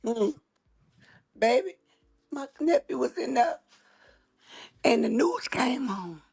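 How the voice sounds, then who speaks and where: A woman's voice: on the high side, animated, takes it slowly, vocal fry, darkish tone, husky. A woman host, telling a story in casual chat, with emphatic, dramatic repetition. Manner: emphatic, dramatic retelling with repeated phrases.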